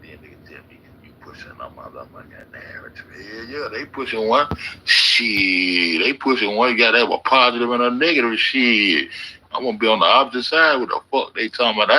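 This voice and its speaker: A man's voice: mid-range voice, brisk, bright, forceful tone, poor audio. A middle-aged man giving rambling, joking, heavily profane reaction commentary on videos. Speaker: YouTube commentator.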